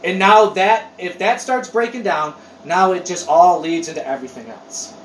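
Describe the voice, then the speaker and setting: A man chatting casually on a podcast. He tells rambling stories with lots of swearing and animated outbursts. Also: high voice, moderate pace. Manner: animated, profane, rambling storyteller. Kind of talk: casual chat. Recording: roomy echo, distant mic, faint noise.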